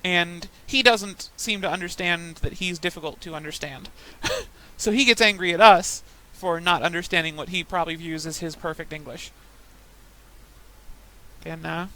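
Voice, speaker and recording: Bright-voiced young woman chatting while gaming. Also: fairly low pitch, rough recording. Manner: rambling storytelling, frequent laughs. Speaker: gaming podcaster. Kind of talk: casual chat while playing a game.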